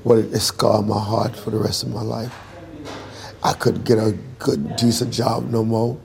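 A man's voice: fairly low pitch, level tone, a little slow, creaky, a crowd in the background. A man in his sixties, interviewed, telling a hard personal story earnestly and emphatically, acting out what people said. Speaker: interviewee, singer.

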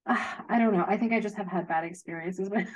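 A woman who teaches young children, giving advice in a thoughtful, gentle way. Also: mid-range voice, fast talker, a loud crowd, low-quality recording. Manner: thoughtful, gentle, hedging with fillers. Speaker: early childhood educator. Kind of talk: casual advice chat.

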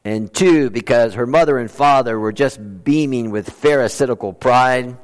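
A man's voice: medium pitch, moderate pace, smooth. A man preaching a sermon as pastor in an earnest, conversational way. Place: church sanctuary. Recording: long reverb of a large church.

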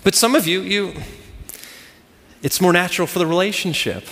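This pastor's high-pitched, fairly bright voice fills a large hall at a normal speed. Preaching to the congregation, he drives each point home with repetition and emphasis.

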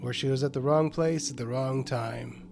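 A man's voice: mid-range voice, steady tone, moderate pace, creaky, darkish tone, a little hiss or hum, close to an everyday voice. A man voicing a weary rural sheriff in his sixties, blunt and matter-of-fact, in a spoken horror story. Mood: grim.

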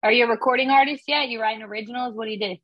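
A woman's voice: on the high side, rapid-fire, dry recording. Teasing young woman, lo-fi audio. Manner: lively, teasing, laughs often. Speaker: podcast host. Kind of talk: casual chat. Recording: dull lo-fi audio.

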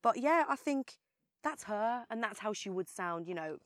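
A woman's voice: medium pitch, animated, normal speed, dry recording, clean studio sound. A young woman with a Birmingham accent, an actress chatting as an interview guest, with lots of fillers and restarts. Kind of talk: casual interview chat.

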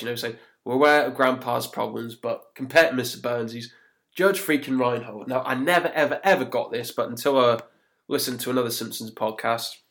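A man's voice: medium pitch, a bit bright. A man hosts a casual podcast, talking through an episode scene by scene. He keeps a loose, chatty flow. He laughs often and slips into quoted lines. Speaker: podcast host. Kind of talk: casual chat recapping an episode.

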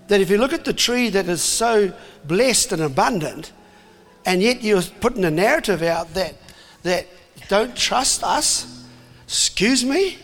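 A man's voice: sits high, a bit bright. A man preaching an emphatic sermon, putting questions to his congregation and acting out voices. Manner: emphatic, acts out voices, asks the crowd questions. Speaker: pastor. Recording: long hall reverb.

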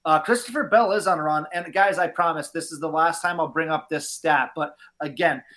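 A man's voice: fairly high pitch, a little fast, pushed and bright. Methodical man reeling off stats. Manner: methodical, lists numbers. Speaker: stats analyst co-host. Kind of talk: casual chat.

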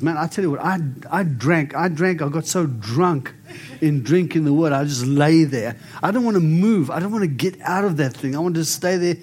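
Man, preacher, higher-pitched voice, animated and exclamatory, prophetic prayer. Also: slightly rough.

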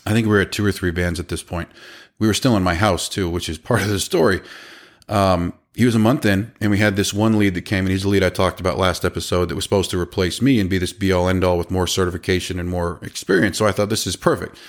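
A man's voice: low voice, quick pace. A man in his thirties, a business owner casually telling a story about his company and quoting the people in it. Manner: animated, quotes people in their own voices.

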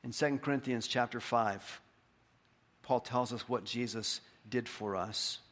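With a mid-range voice, a male pastor preaches, driving toward fervent, emphatic peaks. When scripture comes, he lowers to a soft, slow delivery.

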